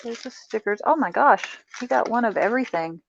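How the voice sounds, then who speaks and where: Her voice is a little high, animated and creaky, and fairly quick. She's a middle-aged woman casually hosting a live stream about a craft haul, laughing often as she talks to viewers, captured in muffled lo-fi sound over a noisy background.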